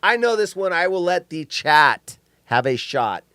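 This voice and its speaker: This is a man co-hosting a casual chat show, joking with his partner and the audience. His voice sits high and swings widely. The sound is dry and close. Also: unhurried, dry recording. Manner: animated, jokey, belts out song lines. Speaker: co-host. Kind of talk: casual podcast banter.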